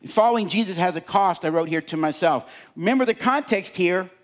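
A man preaching a sermon, animated and often asking the congregation questions. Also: high voice, fairly quick.

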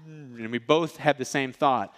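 A man's voice: mid-range voice, unhurried. A male preacher giving a casual, joking sermon, acting out the lines of people in his stories. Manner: animated, acts out characters' lines. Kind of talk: storytelling sermon.

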